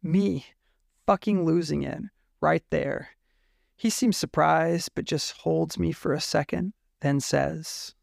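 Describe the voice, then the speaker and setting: A man's voice: fairly high pitch, takes it slowly, creaky, darkish tone, dry recording, studio quality. A man reading a first-person romance story aloud in a candid, emotional way. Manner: emotional, candid narration with swearing. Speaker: fiction reader.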